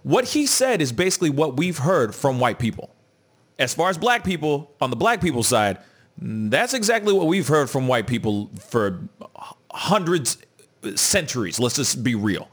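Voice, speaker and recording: Animated husky man ranting. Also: medium pitch, normal speed. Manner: animated, swings loud and soft, repeats himself. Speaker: co-host. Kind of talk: casual commentary chat.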